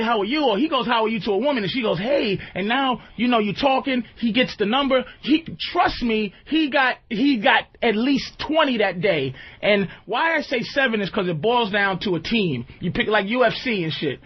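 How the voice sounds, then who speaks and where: On his radio talk show, a man with a very high, husky voice jokes around loosely and keeps asking whether the listener understands. It comes through as a lo-fi radio recording.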